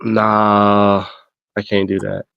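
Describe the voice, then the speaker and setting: A man's voice: fairly low pitch, completely flat delivery, drawn-out words, gravelly, dry recording, highs cut off. A man on a podcast video call, answering a host's dating quiz in a laid-back way with blunt slang. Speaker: podcast guest taking a quiz. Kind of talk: casual group chat on a video call.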